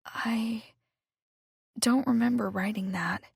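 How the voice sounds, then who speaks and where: A woman voicing a confused young woman just waking in a hospital bed, speaking in a slow, raspy whisper. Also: fairly high pitch, steady tone, no room sound, studio quality, full character voice. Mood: groggy.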